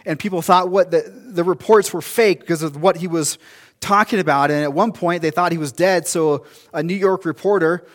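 A man's voice: fairly high pitch, normal speed. A male pastor preaching a sermon in a conversational, storytelling way, with asides and restarts.

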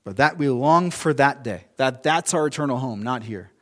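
A man's voice: mid-range voice, animated, normal speed. A male pastor preaching a sermon in a conversational, storytelling way, with asides and restarts.

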